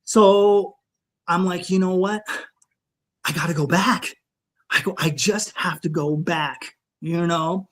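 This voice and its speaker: A man guest on a podcast, recounting a frightening personal encounter in a halting, emotional way, full of restarts and "you know". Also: high voice, fairly even intonation, fairly bright tone. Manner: shaken, emotional retelling.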